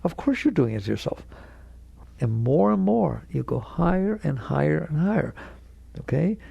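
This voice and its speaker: A man's voice: on the high side, sing-song, normal speed, gravelly, warm tone, breathy edge, no room sound, highs cut off. A man giving a spiritual lecture to an audience, speaking emphatically, repeating key words and acting out inner voices with a chuckle. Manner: acts out inner voices in quotes. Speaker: spiritual teacher.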